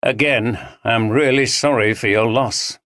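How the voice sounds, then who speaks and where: A narrator voicing a calm, polite police detective speaking in a measured, sympathetic way. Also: mid-range voice, no echo, natural voice. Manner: measured, courteous.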